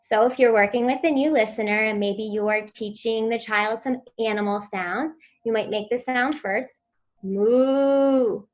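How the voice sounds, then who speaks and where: A woman giving a virtual conference talk on speech therapy, explaining in a clear, instructive way and sometimes modeling sounds for children. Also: a little high, steady tone, normal speed.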